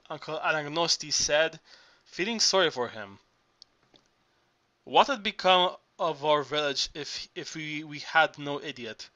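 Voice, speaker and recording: A man's voice: a little high, expressive, unhurried, sharp tone, highs cut off. A man reading an audiobook aloud, with frequent slips and restarts. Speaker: audiobook reader. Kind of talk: audiobook narration.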